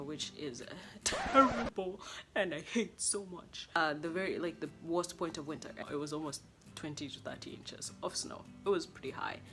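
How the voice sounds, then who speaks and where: Young kenyan woman chatting to her camera, low voice, faint music behind. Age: young adult. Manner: chatty and expressive, acting out past conversations. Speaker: international college student vlogger. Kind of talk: casual vlog talk to camera.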